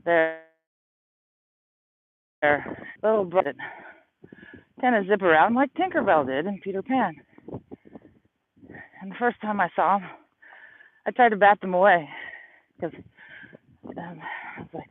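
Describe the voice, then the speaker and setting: A man in his thirties with a fairly high voice, chatting and rambling through stories while he hikes uphill outdoors. He is a little out of breath, and his voice comes through a narrow, tinny phone mic. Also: expressive, unhurried, long pauses, a little hiss or hum. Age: 30s. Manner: rambling, storytelling. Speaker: livestreamer. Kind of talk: casual livestream chat while walking. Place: outdoors on a hillside.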